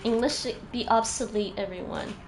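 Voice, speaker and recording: A woman's voice: a little high, normal speed, darkish tone, faint music behind. A woman with a Midwestern American accent chatting casually with her stream while playing a game, musing aloud and answering chat. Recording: noisy background hum.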